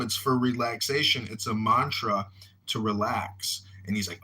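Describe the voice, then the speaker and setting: A middle-aged man and mayoral candidate telling rambling, animated anecdotes in a casual audio chat room. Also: lowish voice, normal speed.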